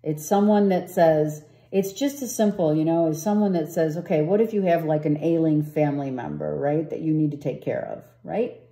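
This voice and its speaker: A woman's voice: sits low, normal speed, few pauses, dark tone, roomy sound. A woman giving a casual tarot reading, rambling and often asking "right?". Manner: rambling, repeats herself, asks "right?". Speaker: tarot reader.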